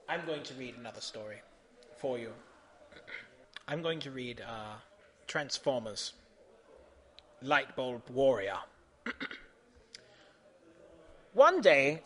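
A man doing a deadpan comic reading in deliberately broken English, in a mock-pompous manner, yelling the quoted lines. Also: fairly high pitch. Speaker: host reading comic stories.

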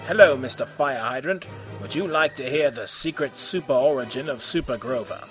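A man's voice: medium pitch, normal speed, a bit bright, soft background music, lightly acted. A man voicing Super Grover, an eager, bumbling blue furry monster superhero. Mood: earnest.

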